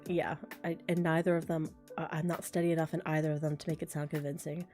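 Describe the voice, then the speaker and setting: A woman in her thirties, a voice actor and streamer, chats and rambles on a livestream, often making fun of herself. Her low, mellow voice holds a level tone while she talks fast, with faint music behind her.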